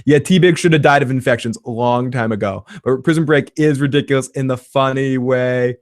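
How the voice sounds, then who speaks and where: A man's voice: mid-range voice, moderate pace, dry recording, clean studio sound. A man hosting a casual livestream TV recap, talking in a profane, rambling way and laughing often. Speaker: TV recap host.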